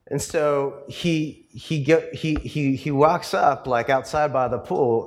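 A man's voice: mid-range voice, normal speed, hardly any pauses. A male pastor preaching a sermon in a conversational storytelling way, full of fillers and tag questions. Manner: rises to passionate emphasis in the closing points.

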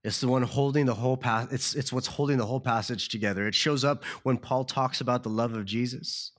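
A man preaching a sermon as pastor, earnest and slowing down to stress key words. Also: mid-range voice, steady tone. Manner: earnest, slows down for emphasis.

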